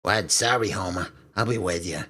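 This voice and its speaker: Man doing a gruff cartoon bartender: very deep, slow, raspy. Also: pushed and bright. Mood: grumpy. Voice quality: raspy, gravelly.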